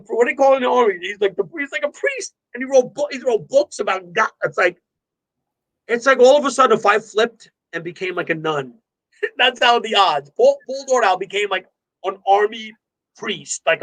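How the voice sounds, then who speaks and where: A man's voice: high voice, fairly bright tone, rough recording. Rambling, profane man on a video call. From New York. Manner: rambling, profane, laughs often. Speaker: guest musician. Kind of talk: casual livestream chat.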